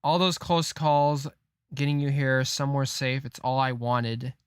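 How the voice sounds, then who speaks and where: A man reading the lines of a determined young woman who is leaving the boy she raised, in a slow, earnest delivery. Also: mid-range voice, level tone, clean tone, no room sound, studio quality, close to an everyday voice.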